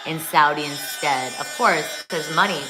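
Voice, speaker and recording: A woman's voice: sits low, unhurried, over loud music. A woman hosting a casual boxing watch-along livestream, talking in a rambling, profane, chatty way with many restarts. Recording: echoey room with loud background noise.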